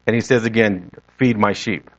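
A man's voice: lowish voice, normal speed, dull audio. Man preaching a conversational sermon. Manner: conversational, rephrasing as he goes.

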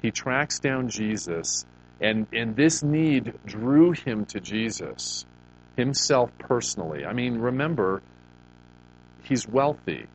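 A man's voice: mid-range voice, slight background noise, low-quality recording. A male pastor preaching a sermon in a conversational, storytelling way, often restarting his phrases.

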